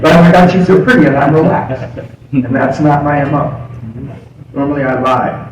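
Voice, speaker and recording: A man's voice: a little high, moderate pace, a crowd in the background. An older man telling his recovery story to a meeting, humorous and laughing often at his own lines. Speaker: AA speaker. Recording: echoey hall recorded from far off, with noise.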